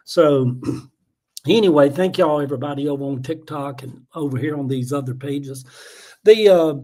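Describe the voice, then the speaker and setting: A man's voice: fairly high pitch, measured pace, warm tone. A middle-aged man from Atlanta with a Southern accent, hosting a casual livestream and ranting in a rambling, heated way full of fillers and chuckles. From Atlanta, USA. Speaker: livestream host. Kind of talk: casual political rant.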